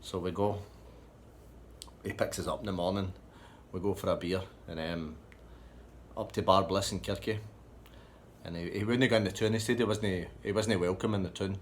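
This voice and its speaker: A Scottish man with a Scottish accent telling a sweary, rambling comic anecdote in a deadpan way. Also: low-pitched, moderate pace, a little hiss or hum. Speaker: storyteller.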